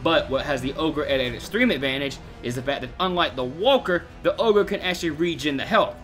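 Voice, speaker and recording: A man's voice: on the high side, expressive, a little fast, fairly bright tone, faint music behind. A young man hosting a gaming channel, giving casual, jokey, profane gameplay commentary to his viewers.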